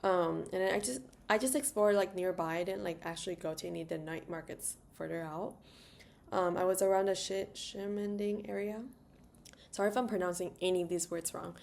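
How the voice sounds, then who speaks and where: Lowish and creaky yet a little mellow, her voice moves briskly in a steady tone as this young woman rambles through a travel story in her vlog. Chatty and full of "like," fillers, and little asides, the travel vlogger sings "la la" to herself, with slight background noise behind her.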